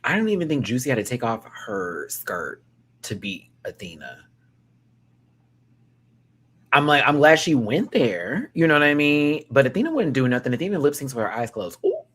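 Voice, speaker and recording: A man giving a casual, sassy review of a reality show, swinging from loud outbursts to hushed asides and laughing often. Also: medium pitch, very animated, moderate pace, slightly rough. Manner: laughs often while talking. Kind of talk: casual reaction commentary.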